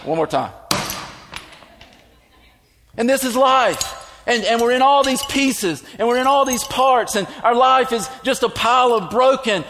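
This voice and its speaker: A man preaching a sermon to his church, emphatic and animated, with sudden shouted lines. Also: very high-pitched, a little slow, pauses often, slight background noise. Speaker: pastor. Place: church sanctuary. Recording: echoey church hall.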